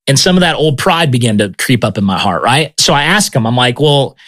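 A man sharing a personal testimony in an interview, earnest and animated, often stumbling over repeated words. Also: mid-range voice, fairly quick, no echo.

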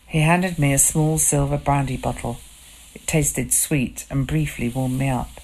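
A woman narrating a first-person story in a calm, measured way. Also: rumbling low, creaky.

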